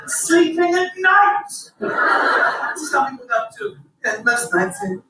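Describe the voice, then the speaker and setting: A man doing a stand-up routine, acting out voices and shouting punchlines. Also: extremely high pitch, lively intonation, moderate pace, very noisy. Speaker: stand-up comedian. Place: stage before a live audience. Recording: echoey distant stage recording with loud audience.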